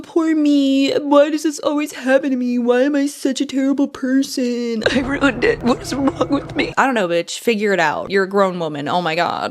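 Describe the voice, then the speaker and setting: A woman casually recapping a TV drama, sarcastic and animated, often laughing and putting on quick voices. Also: mid-range voice. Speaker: TV recap vlogger.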